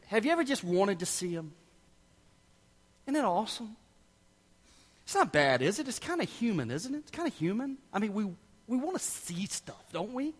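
A man's voice: sits high, husky. A male preacher giving a sermon, telling stories animatedly and acting out quotes in different voices. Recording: echoey hall.

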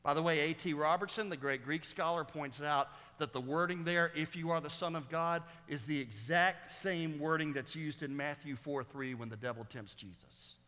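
A man preaching a sermon, explaining scripture and rising loud and high when he reads the verses. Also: moderate pace, hardly any pauses, in a large hall. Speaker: pastor.

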